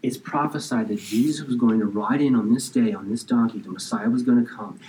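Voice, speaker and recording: A man preaching a sermon, reading scripture slowly and explaining it in casual asides, now and then dropping almost to a whisper. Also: medium pitch, dark tone, far from the mic, a little hiss or hum, poor audio. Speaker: pastor.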